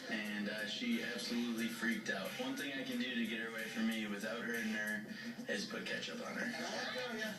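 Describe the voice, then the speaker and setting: A man's voice: lowish voice, level tone, brisk. A reality show contestant, a man, talking in a joking, playful way. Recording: echoey, distant TV clip with loud music.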